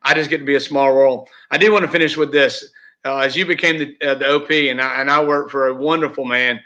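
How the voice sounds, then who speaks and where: In a casual interview, a male real estate team leader speaks as a guest at a quick pace, his mid-range voice steady in tone yet pushed and bright. He rambles from the heart, restarting often and leaning on fillers. The lo-fi recording is dull.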